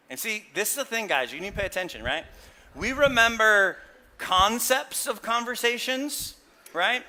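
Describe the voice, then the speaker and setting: A man's voice: high voice, lively intonation, normal speed, pushed and bright. A middle-aged male pastor preaching a casual sermon, telling candid, self-deprecating stories and checking in with the congregation with asides like "right?". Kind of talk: conversational sermon.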